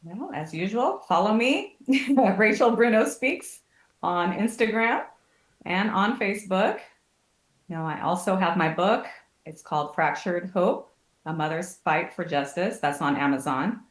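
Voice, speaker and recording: A woman's voice: fairly low pitch, a little slow. A woman, a guest family advocate, telling stories in a casual podcast interview and acting out the people she quotes. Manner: animated storytelling, acts out quotes. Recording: echoey room.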